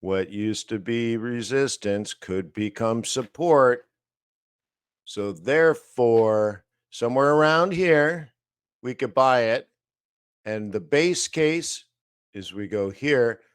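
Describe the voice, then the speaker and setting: A man teaching trading live, walking through price charts slowly, thinking aloud with fillers and asides. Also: on the low side, expressive, clear, resonant tone, no echo, studio quality. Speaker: trading educator.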